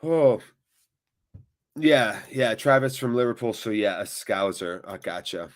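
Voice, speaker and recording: A man hosting a live football watchalong, commentating on the match and chatting with viewers, with loud reactions to big moments. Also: on the low side, animated, a little slow. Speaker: watchalong host.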